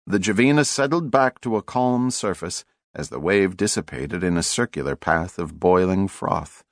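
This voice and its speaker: A man giving measured, dramatic scripted narration for an audiobook on a close studio mic. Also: deep voice, dry recording.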